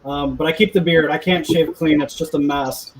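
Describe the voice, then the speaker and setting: A man hosting a casual video-call chat, relaxed and quick to laugh. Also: a little high, a loud crowd. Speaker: host.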